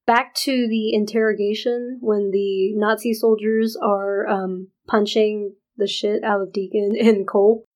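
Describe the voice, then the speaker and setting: A woman co-hosting a podcast, recapping a TV episode in a deliberate, chatty way with fillers. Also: medium pitch, flat delivery, darkish tone, low-quality recording. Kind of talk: casual chat.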